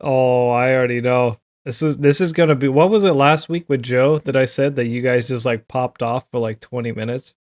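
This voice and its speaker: A man of middling pitch chatting casually on a podcast. He is playful and teases his friends. The recording is dry and close. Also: fairly quick, hardly any pauses, a little mellow, dry recording. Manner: playful, teasing, talks up his hot takes. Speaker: podcast co-host. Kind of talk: casual chat.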